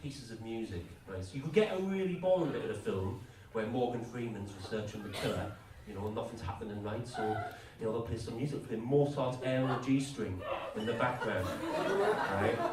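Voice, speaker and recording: Crude stand-up comic in echoey club. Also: male voice, medium pitch, brisk. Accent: English. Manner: crude, self-deprecating, deadpan asides with rising rants. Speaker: stand-up comedian. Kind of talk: stand-up routine. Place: comedy club stage. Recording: echoey club from far off, crowd laughter.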